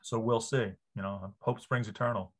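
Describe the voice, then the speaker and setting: A man in his fifties from Louisiana, a sportswriter guest on an interview, telling stories with lively enthusiasm. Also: fairly low pitch, normal speed. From New Orleans area, Louisiana. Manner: enthusiastic, animated storyteller. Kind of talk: casual interview.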